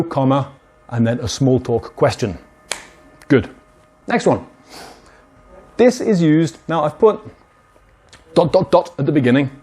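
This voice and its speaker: A man teaching an English lesson, explaining slowly and acting out short spoken examples with lively stress on key words. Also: medium pitch, breathy edge.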